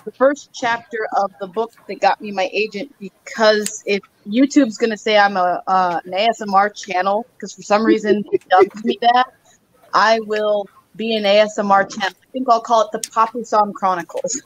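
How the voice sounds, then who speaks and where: A woman's voice: medium pitch, steady tone, moderate pace, a little hiss or hum, rough recording. A woman writer chatting casually on a video call, rambling with plenty of fillers.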